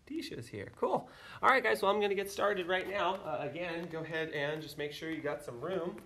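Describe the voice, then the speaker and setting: A man teaching an online martial arts class, counting reps and giving instructions with bursts of shouted yells. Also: high voice, moderate pace, far from the mic. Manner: energetic, calls counts and shouts kiai yells. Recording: echoey room, voice away from the mic.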